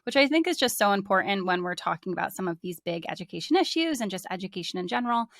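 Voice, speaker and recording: A woman's voice: mid-range voice, expressive, fast, a bit bright, no room sound, clean studio sound. A woman hosting a podcast, chatting casually and bubbly, laughing often with her guest. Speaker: podcast host. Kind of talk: casual interview chat.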